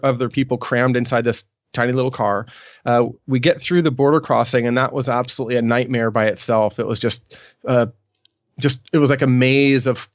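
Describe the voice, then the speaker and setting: A man's voice: mid-range voice, no echo, dull audio. A middle-aged man, a podcast guest, recounting a story in a rambling way with many ums and restarts. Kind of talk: storytelling in an interview.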